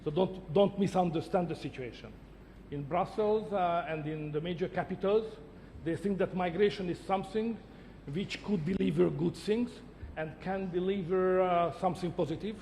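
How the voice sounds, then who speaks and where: A man's voice: high voice, normal speed, creaky, dark tone, big-room sound, a little hiss or hum. A middle-aged man whose first language is Hungarian, answering interview questions in emphatic short statements that repeat words. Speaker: interviewee, head of government.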